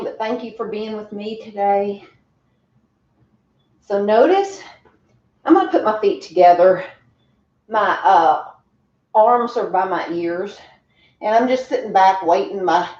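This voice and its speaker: A woman leading a home workout class, chatty and encouraging, out of breath. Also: medium pitch. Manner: encouraging, chatty, laughs often. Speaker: fitness instructor. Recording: roomy, distant, dull home recording.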